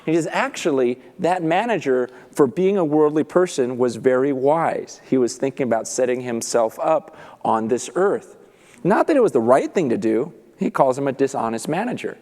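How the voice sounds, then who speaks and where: Animated preacher in a reverberant hall. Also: male voice, medium pitch, normal speed. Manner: animated storytelling, acts out the characters' lines. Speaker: pastor. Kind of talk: sermon. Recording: long reverb of a large hall.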